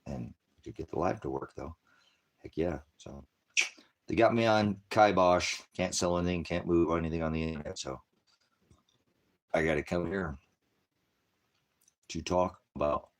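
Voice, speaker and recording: A man's voice: low voice, moderate pace, pauses often. A man hosting a casual livestream, rambling and joking, often breaking off to baby-talk his dogs. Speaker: livestream host.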